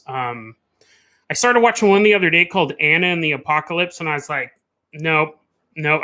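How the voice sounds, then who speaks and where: A man hosting a casual live stream, rambling and animated, laughing often as he chats. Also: a little high. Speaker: podcast host.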